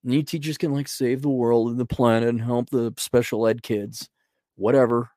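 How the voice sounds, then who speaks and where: A man's voice: mid-range voice, level tone, moderate pace, mellow, no echo, clean studio sound. Ranting, profane male podcast host. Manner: profane, rambling, sarcastic. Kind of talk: casual ranting monologue.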